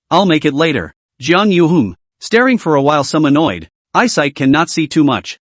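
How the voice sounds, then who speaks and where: A man narrating a comic recap as a voice-over, in a flat, machine-like reading. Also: fairly high pitch, dry recording.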